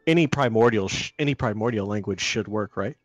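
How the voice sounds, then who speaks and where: A man playing a tabletop game, matter-of-fact and quick with rules details. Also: on the low side, soft background music. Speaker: player. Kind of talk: casual tabletop game chat.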